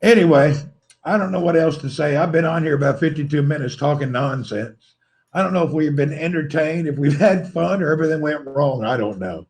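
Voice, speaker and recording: A man's voice: a little high, fairly quick, a little mellow. A man hosting a livestream, rambling playfully and teasing his viewers, laughing often. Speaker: livestream host. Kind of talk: rambling joking livestream chat.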